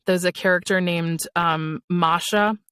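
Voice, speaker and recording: A woman's voice: on the low side, steady tone, a little slow, a bit bright, clear, resonant tone, no echo. A woman in her thirties from Buffalo, New York, chatting easily as a voice actor guest in an interview. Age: 30s. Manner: chatty, easygoing, many fillers. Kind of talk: casual interview chat.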